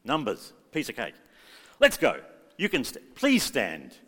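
A man's voice: medium pitch, huge pitch swings, unhurried, a bit bright. A man leading a church congregation in song, giving jokey, chatty instructions between hymns. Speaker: worship leader. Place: large church hall. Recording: echoey church hall with faint music.

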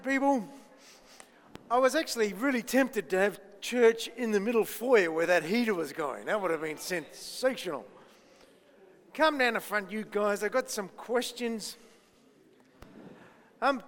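A man's voice: extremely high pitch, moderate pace, a bit bright, big-room sound. A man giving a playful children's talk at church, asking the kids lots of questions. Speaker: children's minister.

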